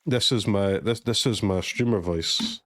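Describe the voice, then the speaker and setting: A man's voice: lowish voice, a little slow, fairly bright tone. A man from Glasgow streaming a card game and chatting sarcastically, joking and swearing freely in a neutral streamer voice. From Scotland, Glasgow. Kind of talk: casual commentary while gaming.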